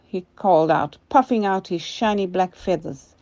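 An older woman, a grandmother, telling a story to children in a gentle, slow manner. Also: fairly low pitch, lo-fi sound.

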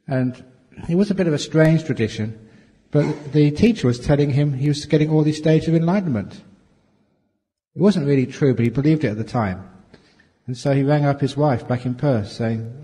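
In a big hall with long, echoing reverb, this man delivers a funny dharma talk as a meditation teacher, chuckling and joking his way through questions. His mid-range voice is expressive and dark-toned, moving at a normal speed, and his storytelling stays playful.

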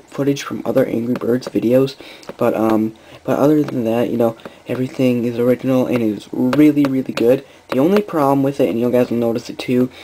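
A mellow, soft-toned man talks excitedly on his own channel, tripping over words and circling back with lots of um and you know. A faint hiss sits under the recording. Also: medium pitch, rough recording. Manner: excitable, rambling with many fillers and restarts. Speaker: channel host. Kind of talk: casual vlog chat.

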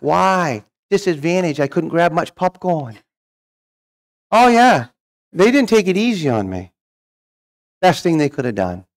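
A man's voice: on the high side, vocal fry. A middle-aged man telling his life story as a guest speaker, folksy and humorous, acting out the voices of people he quotes. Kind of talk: storytelling testimony.

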